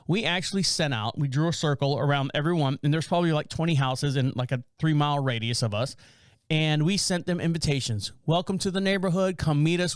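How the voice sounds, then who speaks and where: A man from North Carolina hosts a solo podcast from a small home studio, talking in a loose, rambling way and acting out the neighbors in his stories. His voice sits high and sounds smooth and clean. The room is dry, with almost no echo. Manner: rambling, self-interrupting storyteller who acts out neighbors' lines. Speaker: podcast host. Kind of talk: casual solo podcast monologue.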